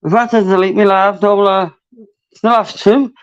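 A man hosting a live stream, excitable and laughing, swearing freely. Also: sits high, moderate pace, smooth. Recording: dull lo-fi stream audio.

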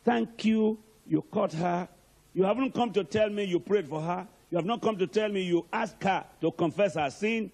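A preacher voicing Jesus in a calm, gentle, reassuring way. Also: male voice, high voice. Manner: soft, unhurried, reassuring.

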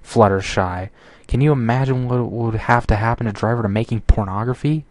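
A man's voice: mid-range voice, fairly quick, a little mellow, no room sound, lightly acted. A man reading the lines of a bookish female unicorn librarian who talks earnestly, explaining her reasoning.

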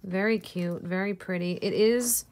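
A woman's voice: medium pitch, measured pace, darkish tone. A woman reseller chatting casually through an unboxing, gushing over each piece and laughing at herself. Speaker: jewelry reseller vlogger.

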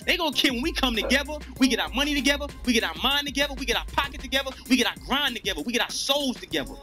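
A man's voice: very high voice, expressive, rapid-fire, pushed and bright, faint music behind. A man in his twenties giving a raw, blunt street speech to young people, cursing as he goes, then rapping his life story. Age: 20s. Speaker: speaker at a youth community gathering. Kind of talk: impassioned street speech and spoken-word rap.

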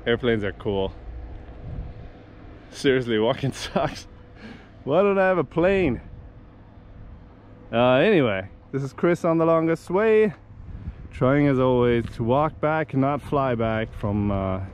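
A man's voice: mid-range voice, expressive, slow pace, long pauses. A man from Germany, vlogging casually outdoors while he walks beside busy roads, swearing and ranting about traffic. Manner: ranting, swearing, exasperated asides. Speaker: walking vlogger. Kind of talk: casual vlog while walking.

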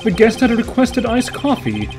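A man's voice: very high-pitched, huge pitch swings, moderate pace, darkish tone, faint music behind, pitched above the performer's own voice, full character voice. A man voicing a nervous, evasive male hotel room-service worker in a game playthrough, stammering and overly polite.

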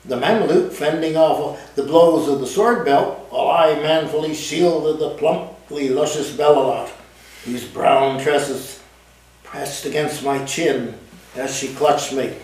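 A man reading aloud from his own novel in the first person, with lively, dramatic storytelling at a café event. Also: on the high side, slow pace. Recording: echoey room, mic at a distance.

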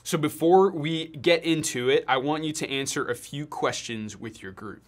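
A young man giving a sermon to students, speaking in a deliberate, measured way with pauses. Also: a little high. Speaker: youth pastor.

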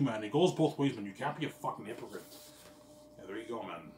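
A man's voice: medium pitch, expressive, moderate pace, echoey room, far from the mic, a little hiss or hum. A man talking casually to his viewers in a rambling, boastful, profane monologue. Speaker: vlogger.

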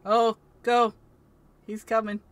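A woman streamer chatting casually while playing a game, giggling often and reacting loudly to scares. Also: on the high side, little pitch movement, slow pace. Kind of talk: casual gaming chat.

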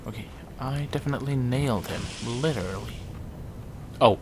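A man's voice: mid-range voice, moderate pace, background noise. A man giving casual let's-play commentary, jumpy and self-mocking, pleading with and talking to the game's characters. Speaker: gameplay commentator.

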